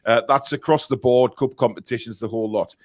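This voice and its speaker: A man hosting a football podcast, chatty and quick to laugh, reading out listener comments and match statistics. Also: medium pitch, steady tone. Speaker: podcast host. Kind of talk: casual chat.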